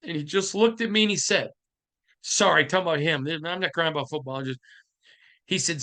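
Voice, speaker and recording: Middle-aged male podcast host, high bright voice, impassioned sports monologue, preachy and punchy. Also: fairly quick, pauses often. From Michigan.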